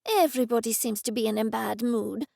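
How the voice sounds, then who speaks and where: A woman's voice: a little high, a little fast, gravelly, a little mellow, no room sound, studio quality. A woman voicing an irritable, demanding female talking cat. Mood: irritated.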